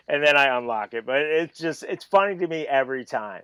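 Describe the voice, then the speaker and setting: A man's voice: fairly high pitch, lively intonation, a little fast, few pauses, fairly bright tone, clean tone, no room sound. A man guesting on a podcast, telling stories animatedly and laughing as he goes, close to the mic. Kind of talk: casual storytelling.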